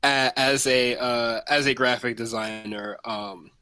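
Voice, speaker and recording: A man's voice: medium pitch, fairly even intonation, measured pace, bright, forceful tone, no echo, faint music behind. A man co-hosting a casual wrestling podcast, rambling with many fillers and restarts. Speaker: podcast co-host.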